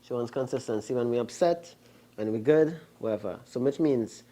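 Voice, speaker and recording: A man's voice: mid-range voice, moderate pace. Man telling a story. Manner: animated storytelling, loose informal grammar. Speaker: co-host, husband. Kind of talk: casual conversation.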